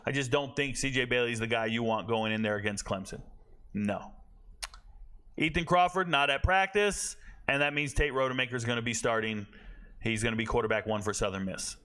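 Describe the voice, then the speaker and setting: A man hosting a college football show, talking casually and bluntly, rambling and correcting himself, with a tired, low-energy delivery. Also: normal speed, bright, forceful tone, clear, resonant tone. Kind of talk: casual sports commentary.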